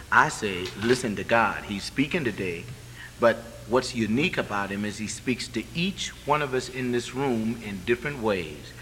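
A man preaching a sermon, acting out voices, moving from hushed to loud. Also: medium pitch, a little hiss or hum. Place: church sanctuary. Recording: echoey hall with faint ambience.

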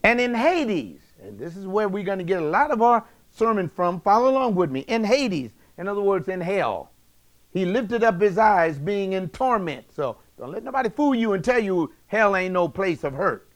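A man preaching a sermon, emphatic and slangy, swinging between loud bursts and hushed asides. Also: high voice, big pitch swings, moderate pace.

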